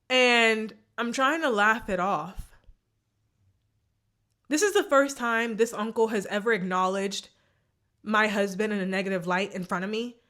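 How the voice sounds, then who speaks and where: A woman's voice: medium pitch, pushed and bright. A woman vlogger telling a personal story in a candid, emotional way, often repeating herself.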